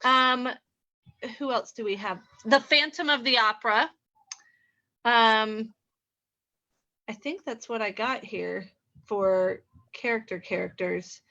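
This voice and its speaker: A woman's voice: on the high side, slow pace, pauses often, bright, forceful tone, highs cut off. A woman hosting an improv game over a video call, chatty and giggly.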